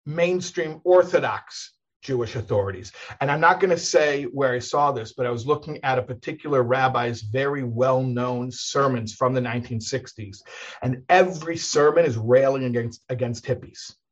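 A man's voice: medium pitch, moderate pace, muffled recording. A man, a rabbi, talking casually in a conversation, telling stories in a rambling way with many restarts and laughs.

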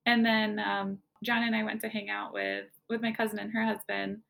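A woman tells her own story as a guest, talking casually and dropping "like" into her sentences. Her voice is heavily creaky and gravelly throughout, with a relaxed, conversational delivery. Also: mid-range voice, normal speed. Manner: casual, conversational, fills speech with "like". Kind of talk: personal storytelling.

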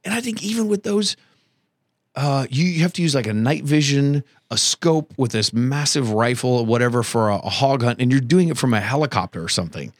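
A man's voice: medium pitch, animated, brisk, dry recording. Man rambling through casual podcast chat. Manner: rambling, self-correcting. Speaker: podcast co-host.

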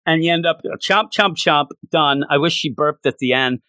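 A man casually recapping a comic book issue and acting out the characters' lines in livelier, higher voices. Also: normal speed, pushed and bright, no echo. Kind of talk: casual recap with acted-out quotes.

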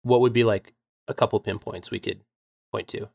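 A man's voice: fairly low pitch, fairly even intonation, moderate pace, creaky, a little mellow. A man hosting a casual conversation who asks curious, easygoing questions and muses on his own answers.

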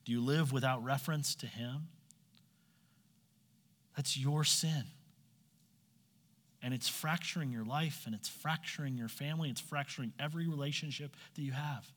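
Bright-voiced man preaching in a hall. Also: mid-range voice, normal speed, pauses often. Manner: acts out quoted voices, direct questions to listeners. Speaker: pastor. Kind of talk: sermon. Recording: long hall reverb.

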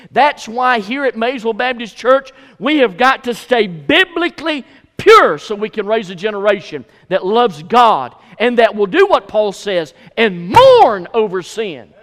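Middle-aged male preacher, high-pitched, emphatic, heard in a reverberant hall. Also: bright, forceful tone. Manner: emphatic, repeats phrases for stress. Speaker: pastor. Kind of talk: sermon. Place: church sanctuary.

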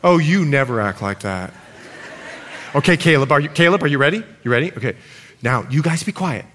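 A male pastor preaching a sermon in a church, animated and playful with his audience. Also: on the high side, brisk, a loud crowd, very noisy. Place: church sanctuary. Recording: long hall reverb, congregation audible. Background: congregation.

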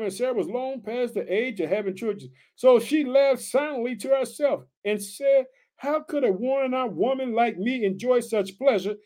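Brief: man preacher, high voice, pumped-up exclamatory Bible teaching, calls listeners family. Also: warm tone. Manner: reads scripture aloud then comments. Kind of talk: energetic Bible study sermon.

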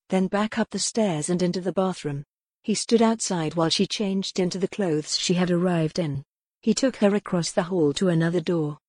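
A woman narrating an audiobook in a measured, even reading. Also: lowish voice, slightly rough, no room sound. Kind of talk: scripted narration.

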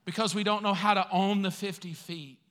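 A man's voice: high-pitched, fairly even intonation, brisk, a bit bright. A man preaching a sermon as pastor, conversational and acting out the voices he quotes. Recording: long hall reverb.

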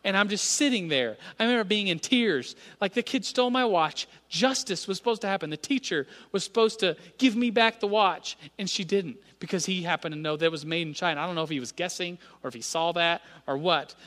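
A man's voice: high-pitched, fairly bright tone. A man in his thirties preaching a sermon in a conversational, storytelling manner. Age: 30s. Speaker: pastor. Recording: reverberant church hall.

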